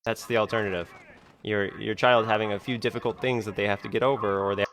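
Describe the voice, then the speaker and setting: A man's voice: fairly low pitch, fairly even intonation, fast talker, fairly bright tone. A man talking in a rambling vlog monologue, full of fillers like "like" and "you know". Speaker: video creator being reacted to.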